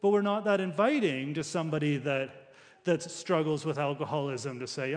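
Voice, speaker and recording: A man delivers a sermon in an easygoing, conversational way, often restarting his sentences as he works through a passage. His voice sits a little high for a man. The sound rings with the long reverb of a large church hall. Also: moderate pace. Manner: conversational preaching with frequent restarts. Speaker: pastor.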